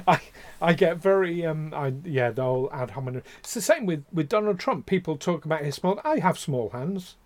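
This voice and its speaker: A man's voice: a little high, animated, moderate pace. A man co-hosting a podcast in casual chat, rambling and getting heated, with the odd swear. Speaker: podcast co-host.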